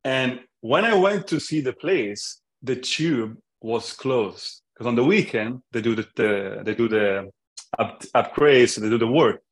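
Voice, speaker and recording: A man's voice: medium pitch, lively intonation, unhurried. Man telling a story. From Italy. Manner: storytelling, jokey, many restarts. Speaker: app founder, podcast guest. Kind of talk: casual chat.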